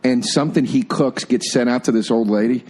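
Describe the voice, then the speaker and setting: A man's voice: mid-range voice, brisk, darkish tone. A man chatting casually, laid-back and swearing as he tells a story. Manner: laid-back, swearing, says "dude" a lot.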